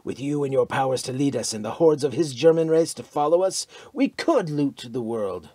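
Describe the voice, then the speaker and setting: A man's voice: mid-range voice, expressive, moderate pace, mellow, breathy edge, no room sound. A man reading the part of a sullen, savage chieftain in an audiobook, in a scornful manner.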